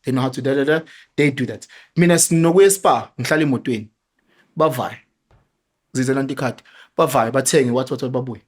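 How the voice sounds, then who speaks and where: A middle-aged man with a South African accent, telling animated parenting stories in a casual podcast chat. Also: medium pitch, fast, pauses often, slightly rough. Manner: animated storyteller, mixes local words into his talk. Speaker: father sharing parenting stories.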